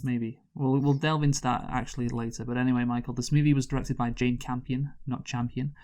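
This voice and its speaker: A man in his usual mid-range voice hosts a relaxed movie chat. He jokes and giggles his way through notes, often tripping and restarting mid-sentence. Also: mid-range voice, fairly quick. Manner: joking, giggly, rambling with restarts. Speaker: podcast host. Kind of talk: casual comedic chat.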